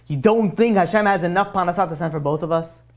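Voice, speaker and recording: A man playing a calm, kindly older shop owner in a story, speaking gently and reassuringly. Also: high-pitched, fast, close to an everyday voice.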